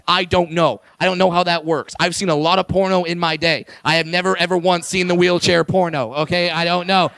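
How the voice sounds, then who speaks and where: A man performing a stand-up comedy set on stage with a handheld mic, brash and profane, jumping into higher voices when he quotes people. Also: steady tone, fairly quick, a bit bright, no echo. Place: comedy stage before a live audience.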